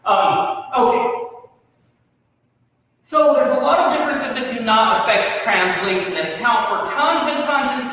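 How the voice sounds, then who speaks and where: A man teaching a Bible class from slides, explaining in a lively, self-joking way. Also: high voice. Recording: echoey hall from far off.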